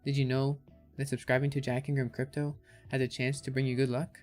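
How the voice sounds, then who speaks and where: A man's voice: medium pitch, little pitch movement, fairly quick, a little mellow, faint music behind. A man hosting a casual crypto livestream, chatting and reading out viewer comments and answering them. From Canada.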